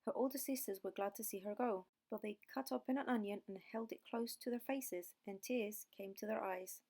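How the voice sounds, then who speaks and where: A woman reads a classic fairy tale slowly and deliberately for English learners. Her voice sits at a moderate pitch and has a noticeable vocal fry. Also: darkish tone. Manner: slow, deliberate reading. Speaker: audiobook narrator. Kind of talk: slow, clear story narration for English learners.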